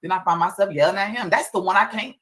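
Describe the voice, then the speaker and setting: A woman's voice: mid-range voice, quick pace, a bit bright, poor audio. Brief: mother chatting on her stream, venting about chores, mid-range voice. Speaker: livestreamer mother. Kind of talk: casual livestream chat.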